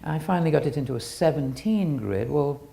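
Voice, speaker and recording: A woman presents an illustrated talk in a low, mellow voice with a heavy gravelly edge. She rambles and restarts her sentences, her pitch swinging widely as she explains. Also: lively intonation, fairly quick.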